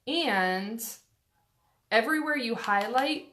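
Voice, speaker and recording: A woman's voice: on the high side, expressive, slow pace, sharp tone. A woman chatting through a casual makeup tutorial, rambling and self-deprecating with lots of fillers, recorded on a phone at home. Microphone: phone camera.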